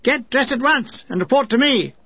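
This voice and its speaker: A pompous army officer loses his temper and barks every word, his voice climbing high and strained, as a man reads him aloud. The recording is dull and close, with no room around it. It sounds like a storybook reading. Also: expressive, moderate pace, slightly rough, no echo, exaggerated voice. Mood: indignant. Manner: barking, indignant. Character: irate male army officer, pompous, shouting.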